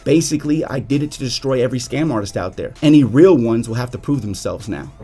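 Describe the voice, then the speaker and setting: Chicago guy ranting at the camera, rapid-fire, streetwise slang, mid pitch. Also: animated, dark tone, husky. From Chicago, United States. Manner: emphatic, fast-talking, streetwise slang. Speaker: music industry YouTuber. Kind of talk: direct-to-camera rant.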